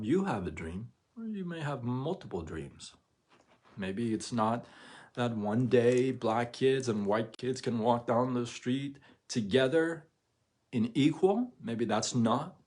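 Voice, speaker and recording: Slow husky guy doing a live stream, kinda stutters when he gets emotional. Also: medium pitch, darkish tone. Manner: stutters when emotional, tearful, emphatic retelling. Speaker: livestream host. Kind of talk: emotional livestream monologue.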